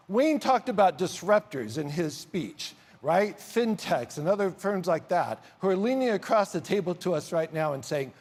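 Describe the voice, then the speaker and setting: A man emceeing a large conference on stage, telling an animated story with big swings in loudness. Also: high-pitched, a little slow. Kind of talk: onstage conference speech. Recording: reverberant hall sound.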